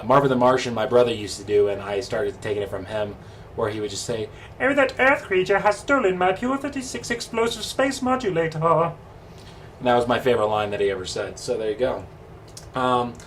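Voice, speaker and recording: A young man chatting in a rambling, easygoing, self-deprecating way as a vlogger. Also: on the low side. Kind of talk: casual chat. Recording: distant mic with faint background noise.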